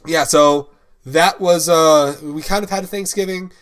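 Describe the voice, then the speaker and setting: A man's voice: a little high, fairly even intonation, unhurried, fairly bright tone, clean tone. A young man co-hosting a casual podcast chat, rambling and upbeat, swearing casually as he talks. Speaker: podcast co-host.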